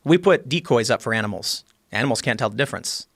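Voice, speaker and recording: Fast-talking, jokey man on a podcast. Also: mid-range voice, expressive, a bit bright, dry recording, studio quality. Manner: rambling, jokey. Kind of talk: casual podcast chat. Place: podcast studio. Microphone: studio microphone.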